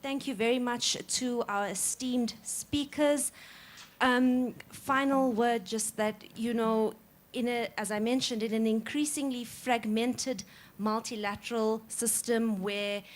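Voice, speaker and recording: Woman panel moderator, higher voice, measured wrap-up with pauses. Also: fairly even intonation. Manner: measured, halting with fillers. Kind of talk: closing remarks.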